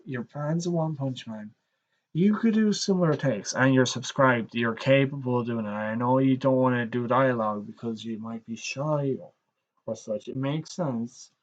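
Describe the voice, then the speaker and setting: A man with a rural Irish accent, rambling conversationally as he streams his commentary straight to his viewers. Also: mid-range voice. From Ireland. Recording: dull lo-fi live stream audio.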